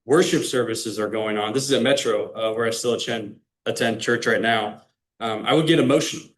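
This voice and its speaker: A man's voice: on the low side, brisk. A young man from Illinois, a guest speaker, tells his faith story in a casual, earnest talk and speaks straight to the audience. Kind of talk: personal faith testimony speech. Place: club meeting room.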